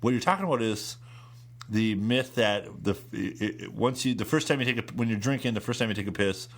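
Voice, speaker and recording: A man's voice: on the low side, a little fast. A man co-hosting a casual podcast chat, telling rambling, profane stories with lots of energy in a home studio. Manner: rambling, profane, animated storyteller. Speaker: podcast co-host.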